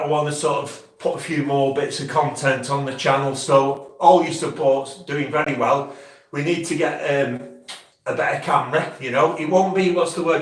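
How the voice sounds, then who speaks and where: A man's voice: medium pitch, a bit bright. A man from Cheshire with a Cheshire accent, hosting a casual live chat in a chatty, jokey way and laughing often. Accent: Cheshire, near Macclesfield. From Cheshire, England. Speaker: live stream host. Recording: echoey room, mic far off.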